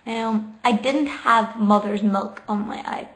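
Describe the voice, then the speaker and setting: A woman's voice: mid-range voice, takes it slowly, a bit bright, a little hiss or hum. A woman in a casual late-night livestream from home, talking into her laptop while sitting on the floor, chatty and giggly as she reads out viewer questions and answers them. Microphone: laptop microphone.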